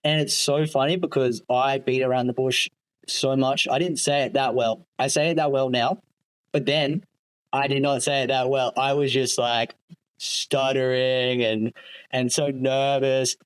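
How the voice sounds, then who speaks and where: A man, a podcast guest, talking candidly and haltingly with many fillers. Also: medium pitch, flat delivery, smooth, rough recording. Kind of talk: casual podcast interview.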